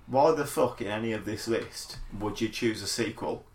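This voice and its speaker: Low-voiced man, dry and teasing. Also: normal speed, a little mellow. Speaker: podcast judge. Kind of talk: casual podcast chat. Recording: echoey room with faint hiss.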